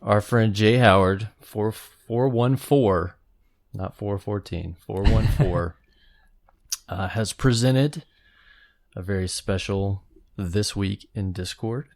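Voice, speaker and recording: A man's voice: fairly low pitch, takes it slowly, darkish tone. A man co-hosting a gaming podcast, chatting casually with dry jokes. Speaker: podcast co-host. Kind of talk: casual chat.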